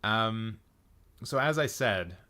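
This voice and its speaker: A slightly low-voiced man with a bright, forward tone chats casually on a live stream about films. He thinks aloud, circling back with frequent ums and restarts while responding to his chat. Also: animated, slow pace. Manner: reacts to chat comments. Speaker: livestream movie chat host.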